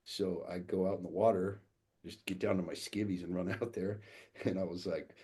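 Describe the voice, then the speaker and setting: Low raspy male coach, swears freely, tells it straight. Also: normal speed. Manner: blunt, profane, animated storyteller. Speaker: guest, fathers' coach. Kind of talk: casual podcast storytelling.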